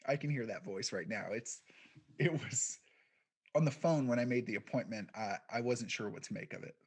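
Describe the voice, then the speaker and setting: A man giving a keynote, telling a personal story in a quiet, reflective way with deliberate pauses. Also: mid-range voice, slightly rough. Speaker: keynote speaker, podcast founder.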